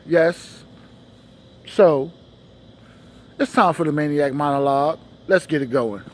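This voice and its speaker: Slow slangy comedian host. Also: male voice. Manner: loose slangy storytelling, acts out dialogue in shifting voices; sings a repeated show jingle in a high voice. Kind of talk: stand-up monologue.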